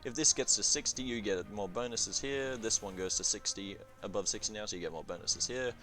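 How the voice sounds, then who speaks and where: Male game reviewer, lower voice, rambling profane commentary, soft music bed. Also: a little fast. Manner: rambling, profane, thinking aloud with many fillers. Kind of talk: casual gameplay commentary.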